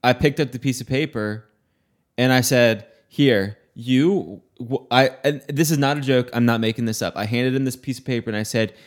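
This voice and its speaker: A man's voice: medium pitch, moderate pace. A man shares a story in casual conversation. He talks bluntly and with animation, acting out his own lines to the customer. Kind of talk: casual chat.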